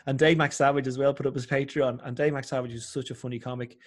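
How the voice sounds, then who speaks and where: An Irish man with a mid-range voice talks fast as a guest on a podcast, chatting casually. He's an animated storyteller who acts out the voices of the people he quotes.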